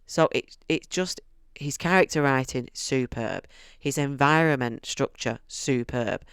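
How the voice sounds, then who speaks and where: Man, book reviewer, chatty and enthusiastic; crisp, dry voice. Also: medium pitch, measured pace, fairly bright tone, no echo. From United Kingdom. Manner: chatty and enthusiastic, restarts sentences often.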